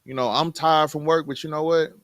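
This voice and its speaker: A man's voice: on the high side, fairly even intonation, fairly quick, a bit bright, no echo, studio quality, lightly acted. A man voicing a tired husband who agrees to help out. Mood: agreeable. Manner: easygoing and agreeable. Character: tired but willing husband.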